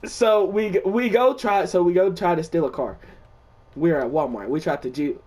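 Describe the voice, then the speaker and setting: Husky young man, far from the mic. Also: high-pitched, normal speed. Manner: excitable, swears often, restarts sentences. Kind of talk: casual storytelling of a dream. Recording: distant mic.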